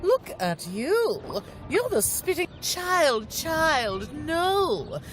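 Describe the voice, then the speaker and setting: A woman's voice: high-pitched, sing-song, very slow, faint music behind, heavily acted. A woman voicing a snobbish, condescending noble lady in a video game, lecturing primly on manners. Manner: prim, condescending, lecturing on etiquette.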